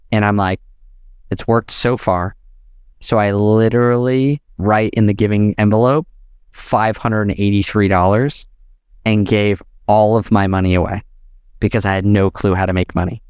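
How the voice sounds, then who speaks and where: A young adult man telling a long personal story as a podcast guest, animated and quick, peppered with "like" and "literally". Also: on the low side, clear, resonant tone, dry recording, studio quality. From United States. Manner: animated, fast-talking, heavy use of "like" and "literally".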